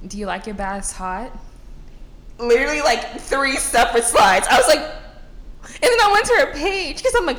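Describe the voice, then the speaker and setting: A woman co-hosting a podcast in casual chat, talking in an animated way, laughing often and swearing freely. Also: high-pitched, moderate pace. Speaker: podcast co-host. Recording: echoey room with faint background noise.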